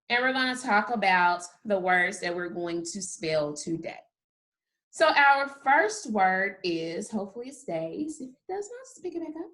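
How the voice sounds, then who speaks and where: A woman teaching a kindergarten phonics lesson, sounding out letters slowly and praising often. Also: a little high, a bit bright. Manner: slow, drawn-out sounding of letters with frequent praise. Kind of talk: phonics lesson for young children.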